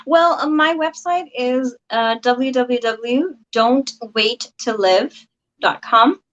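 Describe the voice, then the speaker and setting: A woman practitioner of hypnosis and NLP, explaining her ideas at a steady pace as a guest on a video call. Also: fairly high pitch, highs cut off. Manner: steady, explaining, slows to spell things out. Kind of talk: explanatory interview talk.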